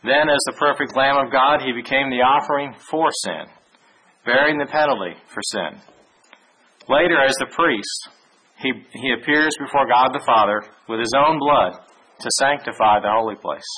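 A man giving a Bible lesson, reading verses aloud in a measured way with small restarts. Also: mid-range voice, bright, forceful tone, breathy edge, rough recording. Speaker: Bible teacher. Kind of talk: sermon with scripture reading.

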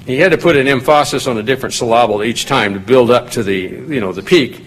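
A man's voice: medium pitch, fast talker, few pauses, slightly rough, rough recording. A man giving a conversational Bible study, explaining scripture in plain talk and lifting his voice when he reads quoted lines aloud. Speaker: Bible teacher.

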